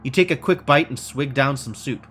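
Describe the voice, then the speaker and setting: A man streaming a game, reading its text aloud and thinking out loud in a wry, self-mocking way. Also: medium pitch, moderate pace, slight background noise.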